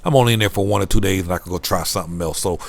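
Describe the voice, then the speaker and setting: A man with a deep, low voice gives a casual video update into his phone at night. He rambles, restarts and repeats words as he goes. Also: racing, creaky. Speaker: vlogger. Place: rented room at night.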